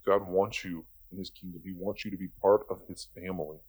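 A man's voice: sits low, fairly even intonation, a little fast, darkish tone, breathy edge. A young man giving profane, exasperated commentary in a sarcastic, casual rant. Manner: sarcastic, exasperated, swears freely. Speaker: video commentator.

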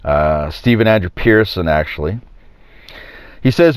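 A man's voice: mid-range voice, lively intonation, moderate pace, no room sound. Rambling man hosting a podcast. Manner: rambling, joking, chuckles at his own lines. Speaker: podcast host. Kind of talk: casual opinionated monologue.

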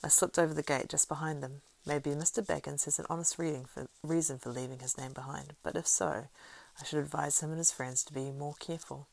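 A woman's voice: low-pitched, steady tone, brisk, creaky, hardly any pauses, darkish tone. Strider, a woman reading a wary ranger. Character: weathered male ranger, cool and guarded.

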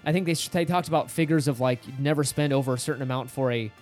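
A man co-hosts a relaxed podcast chat in a middle-range voice, upbeat and explanatory. He runs a quiz with a playful, teasing edge. Soft music plays faintly underneath. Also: mid-range voice, fast. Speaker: podcast co-host.

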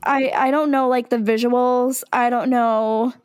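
A young woman co-hosting a podcast in casual chat, excitable and gushing, with casual swearing. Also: fairly high pitch, a little slow, clear, resonant tone. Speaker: podcast co-host.

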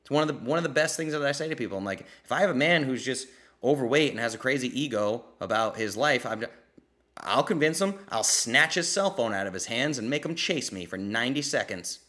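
A man with a bright, forward voice hosts a live question-and-answer session. He talks bluntly and gets fired up, throwing in swear words for emphasis. He mimics the people he talks about in quoted voices. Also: mid-range voice, expressive, brisk. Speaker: podcast host answering listener questions. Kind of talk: live Q&A chat.

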